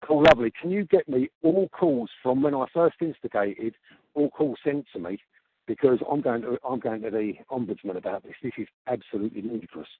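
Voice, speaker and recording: A man making a heated complaint on a phone call, halting and repeating himself in exasperation. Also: medium pitch, sing-song, creaky. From Australia. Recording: tinny phone-call recording with hiss.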